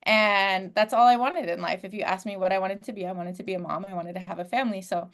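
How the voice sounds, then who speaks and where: A woman's voice: medium pitch, fairly even intonation, fast talker. A woman, a podcast guest in her twenties, telling her life story in a candid, heartfelt way with frequent fillers. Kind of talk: personal storytelling.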